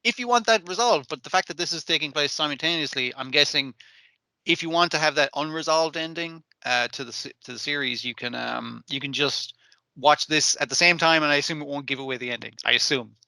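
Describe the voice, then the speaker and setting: A man co-hosting a podcast, chatting casually about anime, animated and swearing a lot as he acts out scenes. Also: a little high, a little fast, gravelly, no echo. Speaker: podcast co-host. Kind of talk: casual chat reviewing anime.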